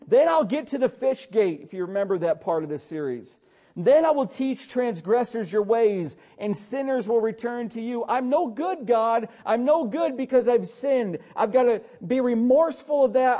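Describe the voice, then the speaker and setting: A middle-aged male pastor delivers a sermon with a noticeably high voice. His tone is mellow rather than bright. He exhorts his listeners with urgency, repeatedly calling them to listen. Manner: urgent, exhorting preacher who often says "listen".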